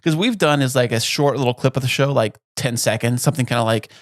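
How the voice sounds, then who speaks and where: A man hosting a casual podcast interview, joking and expressive as he asks his guest questions. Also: mid-range voice, fast talker, no echo, clean studio sound. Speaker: podcast host.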